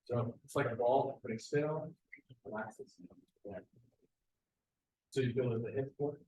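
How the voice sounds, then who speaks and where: Male instructor, mid-pitched, upbeat hands-on coaching with quick praise, echoey training room. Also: warm tone. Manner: encouraging, quick praise, short corrections. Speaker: martial arts instructor. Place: martial arts school, indoors.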